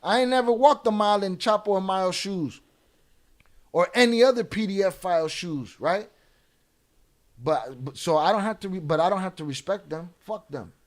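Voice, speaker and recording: A man's voice: high-pitched, normal speed. A middle-aged man hosting a live stream, talking bluntly and profanely as he rants back at his chat. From United States.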